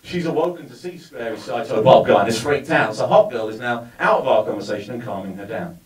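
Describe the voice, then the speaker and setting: A man's voice: mid-range voice, expressive, fast talker. Man doing stand-up in a roomy venue. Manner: wry, storytelling, building to punchlines. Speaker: stand-up comedian. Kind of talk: stand-up comedy set. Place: live comedy venue with audience. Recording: roomy sound, mic far from speaker.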